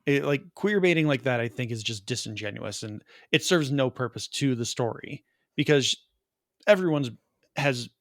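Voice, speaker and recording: A man co-hosting a podcast, rambling through a movie plot with quick asides and laughs. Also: mid-range voice, lively intonation, no room sound, studio quality. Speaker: podcast co-host. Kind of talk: casual movie review chat.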